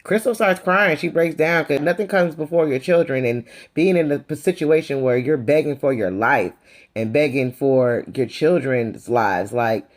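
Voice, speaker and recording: A woman's voice: low-pitched, moderate pace. A woman recaps a reality TV episode in a loose, chatty vlog voice. She is sassy and opinionated, and she calls the cast out directly. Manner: sassy, opinionated gossip commentary; animated, calls out people directly. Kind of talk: casual episode review.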